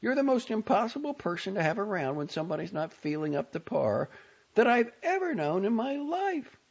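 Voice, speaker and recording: High, pleading young woman in an audiobook, put on by a male reader, raspy, lo-fi. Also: sing-song, brisk, full character voice. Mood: exasperated. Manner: sharp, pleading, raised in heat. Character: young woman, nervous and exasperated. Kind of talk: audiobook character voice. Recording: dull lo-fi audio.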